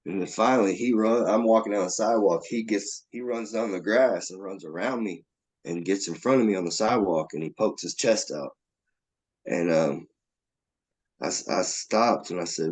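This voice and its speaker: A man's voice: sits low, brisk, darkish tone. A man, a guest telling a long story in a casual way and acting out the voices of the people in it. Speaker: interview guest.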